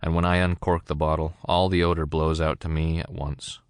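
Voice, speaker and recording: A man voicing a gruff, hot-tempered old Scottish ship engineer with a Scottish accent who roars and blusters. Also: rumbling low, level tone, normal speed, no room sound, clean studio sound. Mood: reverent. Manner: roaring, blustering.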